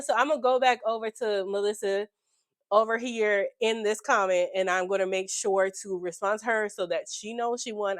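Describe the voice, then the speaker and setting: A slightly hoarse woman, chatting excitedly with viewers while walking through her budget at home. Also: medium pitch, moderate pace, no echo, clean studio sound. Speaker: budgeting YouTuber. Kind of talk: casual chat while budgeting. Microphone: desk microphone.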